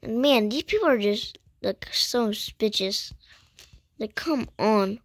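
A woman's voice: a little high, lively intonation, slow pace, no room sound, studio quality. A young woman improvising a fan voice-over for cartoon characters, slangy and swearing constantly, often dropping to a whisper. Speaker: amateur voice-over artist.

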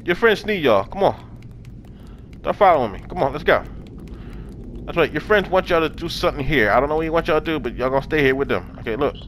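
A man's voice: a little high, expressive, quick pace, long pauses, a little hiss or hum. A young man giving casual let's-play commentary, chatting to the game characters in slang and swearing often. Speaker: gaming channel host.

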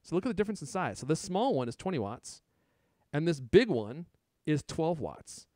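A man hosting a casual tech podcast, excitedly showing off gadgets and chatting. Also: a little high, normal speed, no echo, studio quality. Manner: excited, shows gadgets on camera. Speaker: podcast host.

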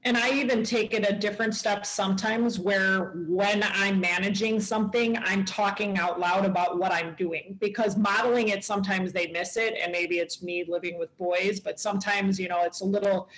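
A woman sharing parenting stories on a community panel in a middle-pitched voice. She slips into the lines she says to her children, then returns to plain explanation. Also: fairly even intonation, moderate pace, hardly any pauses, fairly bright tone, rough recording. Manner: storytelling, acts out what she says to her kids. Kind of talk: panel discussion.

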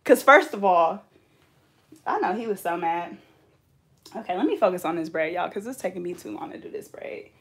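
A woman's voice: lowish voice, moderate pace, long pauses. Sassy Bay woman telling stories. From California. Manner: animated, laughing storyteller with playful sass. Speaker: hair braider and vlogger. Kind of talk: casual chat while braiding.

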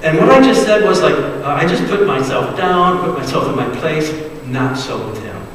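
A man preaching a sermon as pastor, retelling a story with dramatic swings between loud emphasis and hushed, quiet passages. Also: a little high, expressive, normal speed, a little hiss or hum. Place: church sanctuary. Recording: echoey church hall, distant mic.

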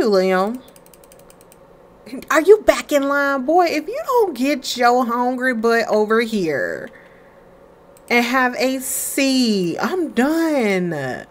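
A woman casually commenting on her life-sim game, chatty and playful, talking to her characters. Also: fairly high pitch. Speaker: let's play streamer.

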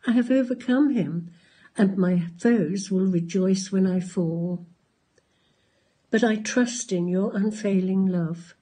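A woman reads scripture aloud, slowly and with care. Her voice is soft and mellow, with a breathy edge. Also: medium pitch. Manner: slow and measured. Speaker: Bible reader. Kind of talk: scripture reading.

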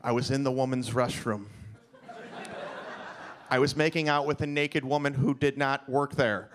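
A man's voice: medium pitch, fairly even intonation, normal speed. A male stand-up comedian on a comedy club stage, telling a rambling, self-deprecating story. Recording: live club, crowd noise.

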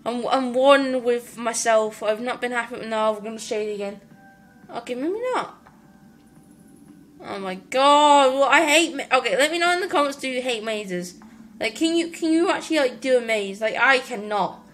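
Excitable Irish woman gaming. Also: a little high, moderate pace. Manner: excitable, chatty, exclamatory. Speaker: let's play host. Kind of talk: gaming commentary.

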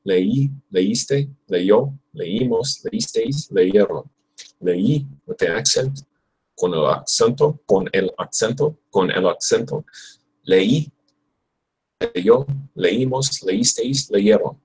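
A man's voice: lowish voice, animated, slow pace, a little mellow, husky, rough recording. A young man on a livestream, practicing Spanish verb forms aloud and chatting casually with viewers in between. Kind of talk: casual livestream study session.

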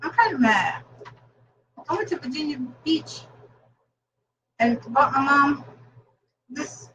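A woman's voice: high-pitched, animated, slow pace, fairly bright tone. A woman in her fifties chatting casually to her viewers while she cooks in her home kitchen. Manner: chatty, talks straight to viewers. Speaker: vlogger. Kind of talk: casual cooking vlog chat. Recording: distant lo-fi camera audio with faint noise.

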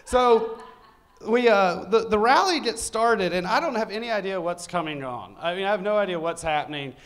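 A man telling a comic true story live on stage, animated, profane and self-mocking. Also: sits high, moderate pace.

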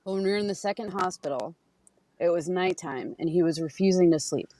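Earnest, low-voiced caregiver woman. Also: a little fast, warm tone, slight background noise. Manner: earnest, blunt, swears. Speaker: caregiver guest. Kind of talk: casual livestream conversation.

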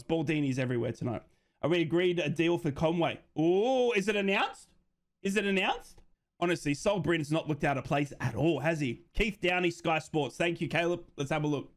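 An Australian man hosting a football watch-along, chatty and excitable as he gives live fan commentary and laughs often. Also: a little high.

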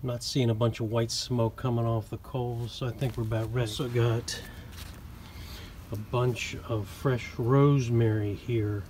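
An easygoing man hosts a home cooking video outdoors beside his smoker. His mid-range voice stays relaxed and chatty as he walks through each step. Clear background noise from the open air sits under the whole recording. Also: mid-range voice, normal speed, poor audio. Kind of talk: casual cooking demonstration.

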